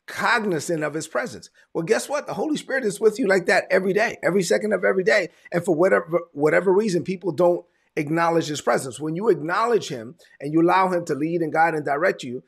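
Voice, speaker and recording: Brief: male preacher, fairly high voice, gravelly and husky, chatty and emphatic. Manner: conversational, emphatic preaching with repetitions. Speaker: pastor. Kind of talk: sermon.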